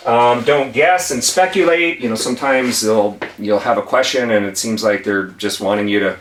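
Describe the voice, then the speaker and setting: A man's voice: medium pitch, normal speed, a little hiss or hum. A man, an attorney, giving a conversational whiteboard lesson with emphatic, repeated key phrases. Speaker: attorney teaching legal tips. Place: room with whiteboard. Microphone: camera mic at a distance. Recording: echoey room, voice from a distance.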